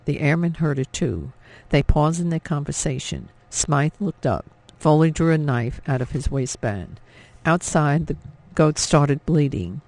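A male audiobook narrator giving a measured, dramatic scripted reading. His voice is gravelly and sits a little high for a man. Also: darkish tone, no echo.

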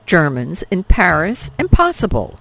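A man's voice: high-pitched, wildly swooping pitch, measured pace, gravelly, fairly bright tone, full character voice, low-quality recording. A man voicing a headstrong young woman who sounds defiant and disbelieving. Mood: incredulous. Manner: incredulous, defiant.

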